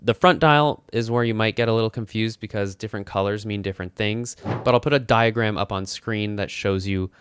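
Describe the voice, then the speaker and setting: A young man talks through a tech review at home in an easygoing, chatty manner. His voice sits a little low and comes across smooth and clean. The sound is very dry and close, with no room echo. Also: a little fast, few pauses. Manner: relaxed, conversational, with frequent "kinda" and "like". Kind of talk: casual microphone review. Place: home studio.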